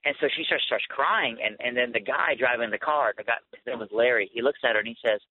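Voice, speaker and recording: A man telling a personal faith story as a guest, earnest and animated, often restarting his sentences. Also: mid-range voice, fast talker, slightly rough, no room sound. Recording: tinny phone line.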